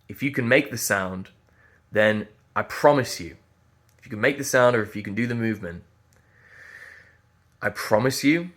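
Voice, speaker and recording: A man's voice: on the low side, moderate pace, pauses often, a bit bright. A man, a voice teacher giving an earnest, emphatic motivational talk and repeating phrases as he thinks aloud. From Yorkshire.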